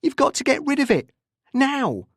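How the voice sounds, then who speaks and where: A man voicing a frightened young man who shouts desperately down the phone in an audiobook. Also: high-pitched, unhurried, breathy edge, dry recording, clean studio sound, pitched above the performer's own voice. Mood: panicked.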